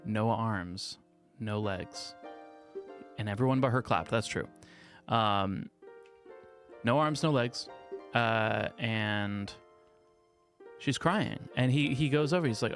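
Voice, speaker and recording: A young man streaming a speedrun, telling a crude joke in a casual, drawn-out way with lots of swearing. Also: on the low side, fairly bright tone. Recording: faint music behind.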